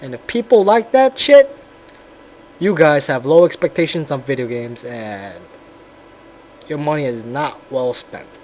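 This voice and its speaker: A man reviewing a video game in casual, profane commentary, blunt and rambling as he explains his gripes. His voice has a middling pitch, with faint noise humming in the background. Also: animated, unhurried, pauses often, a little mellow.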